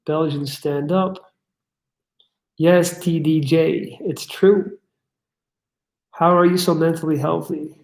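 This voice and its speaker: A man's voice: fairly high pitch, slow pace, creaky, long pauses, darkish tone. A young man hosting a casual livestream, bluntly chatting and swearing as he answers chat questions. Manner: blunt, swears, reads chat aloud and riffs. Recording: echoey room.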